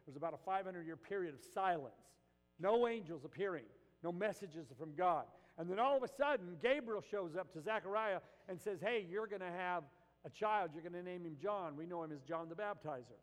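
Male pastor, fairly high voice, impassioned sermon delivery, recorded in an echoing sanctuary. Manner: impassioned, rising to emphatic peaks, acting out quoted voices.

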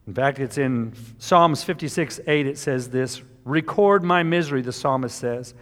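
A middle-aged man preaching a sermon as pastor, emphatic, moving between loud passion and quiet tenderness. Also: mid-range voice, moderate pace, hardly any pauses. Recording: long hall reverb from a church sanctuary.

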